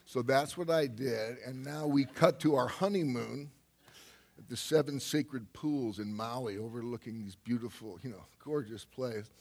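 An older man telling a personal story on stage in a rambling way, laughing often and breaking into sudden loud bursts. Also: mid-range voice, measured pace, gravelly. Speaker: speaker on stage. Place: stage before an audience.

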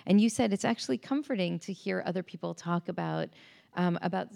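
Low gravelly woman host. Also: brisk, mellow. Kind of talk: conversational interview.

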